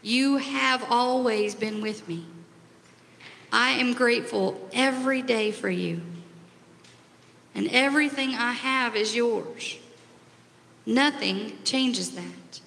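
A woman voicing a gentle aging father who speaks slowly and tenderly. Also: on the high side, vocal fry, exaggerated voice. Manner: slow, tender, soft-spoken. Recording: long hall reverb.

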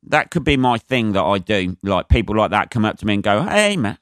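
Male comedian-podcaster, profane rambling rant, lowish voice, dead-dry sound. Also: fairly quick, smooth, no echo.

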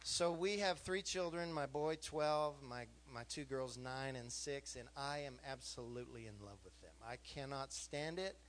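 A man in his fifties preaching a sermon to a congregation, animated and joking, asking the room questions. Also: mid-range voice, moderate pace, few pauses, slight background noise. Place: church hall with a congregation.

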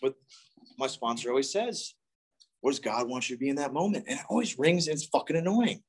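A man's voice: mid-range voice, animated, brisk, husky. A man in his thirties telling a rambling, profane story at a recovery meeting. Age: 30s. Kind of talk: casual storytelling talk.

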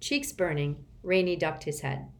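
A woman's voice: on the low side, unhurried. A woman reading a children's novel aloud as an audiobook narrator. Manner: expressive storytelling.

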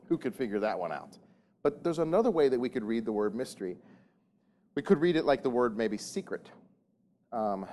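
A man's voice: mid-range voice, a little mellow, a little hiss or hum. A man preaching a sermon to his congregation in a casual, joking way, often restarting and repeating words. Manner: conversational, jokey, frequent restarts and repeated words. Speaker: pastor.

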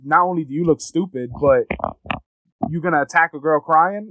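A man's voice: on the high side, normal speed, a bit bright, no room sound, rough recording. Blunt, opinionated man in a dry room. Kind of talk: casual chat.

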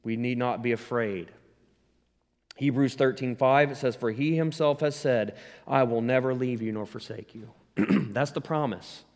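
A man's voice: medium pitch, measured pace, darkish tone. A man pastor preaching a sermon with rising emphasis, asking the congregation to respond. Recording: long hall reverb.

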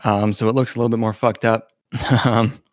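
A man's voice: mid-range voice, little pitch movement, normal speed, dry recording. A man co-hosting a casual anime discussion podcast, laid-back, swearing casually and trailing off with fillers. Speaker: podcast co-host.

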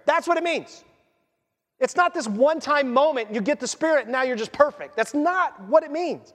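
A male pastor preaching a sermon in a conversational, animated way with casual asides. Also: very high-pitched, moderate pace. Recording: long reverb in a large hall.

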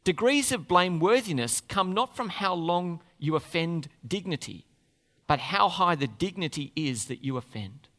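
Man, sermon, lively swooping delivery, questions to the congregation, long hall reverb. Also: a little high, normal speed. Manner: animated, asks the congregation questions. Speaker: preacher.

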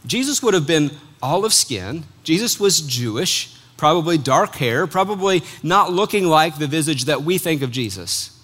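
A man with a fairly high voice preaching a sermon. He reads scripture aloud, then breaks it down in an animated, conversational way and jokes with his listeners. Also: moderate pace. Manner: animated, conversational, joking with the congregation.

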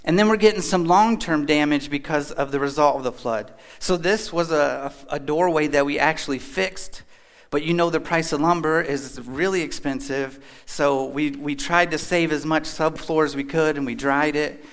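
A man's voice: fairly high pitch, moderate pace, few pauses, fairly bright tone. A man from Kentucky giving a casual, joking talk as a guest speaker at a church. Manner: chatty, joking, folksy. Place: church hall.

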